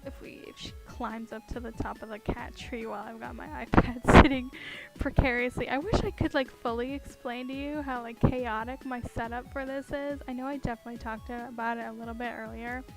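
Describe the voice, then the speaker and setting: Giggly, high-voiced young woman chatting casually. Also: fairly even intonation, fairly quick, soft background music. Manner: chatty and giggly, rambling with many fillers. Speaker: streamer. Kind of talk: casual chat while carving pumpkins. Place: home desk.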